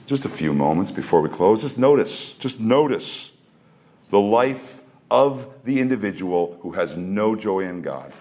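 A man delivers a sermon at an unhurried, deliberate pace. His voice sits at an ordinary middle pitch. He speaks earnestly and leans on repeated phrases for emphasis. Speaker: preacher. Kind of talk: sermon with scripture reading.

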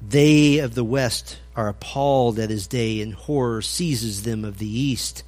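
A man's voice: medium pitch, a little slow, a little mellow. A male pastor preaching through scripture, reading verses aloud and commenting with dry irony, with occasional stammered restarts. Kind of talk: expository sermon.

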